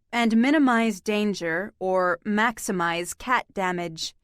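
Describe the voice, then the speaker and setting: A woman narrating an audiobook in a measured, deliberate scripted delivery. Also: fairly high pitch, dry recording, clean studio sound.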